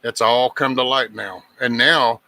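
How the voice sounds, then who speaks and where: A man's voice: mid-range voice, fairly even intonation, measured pace, a crowd in the background. A man hosting a casual chat, rambling and restarting his sentences, swearing now and then. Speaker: host.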